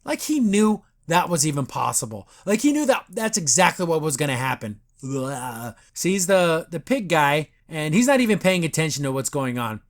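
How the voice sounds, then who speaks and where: A man's voice: fairly high pitch, very animated, normal speed, hardly any pauses. A man hosting a podcast, casually recapping a cartoon episode in a rambling, sarcastic way. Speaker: podcast host reviewing a cartoon.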